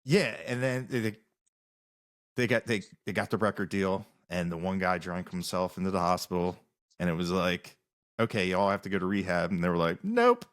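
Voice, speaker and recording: A man's voice: low-pitched, normal speed. Rambling man telling road stories. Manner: rambling, animated, with many restarts. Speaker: musician guest. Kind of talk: casual storytelling interview.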